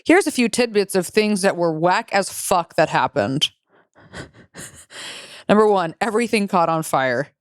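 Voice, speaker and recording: Young female podcast co-host, crisp voice in a dead-dry booth, foul-mouthed and giggly. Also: fairly low pitch, expressive, a little slow, pauses often, no echo. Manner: profane, laughs while reading stories aloud. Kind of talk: casual podcast chat.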